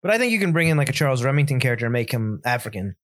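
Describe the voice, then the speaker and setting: A man co-hosting a casual movie podcast, giving opinionated, animated critiques. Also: medium pitch, rapid-fire. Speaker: podcast co-host.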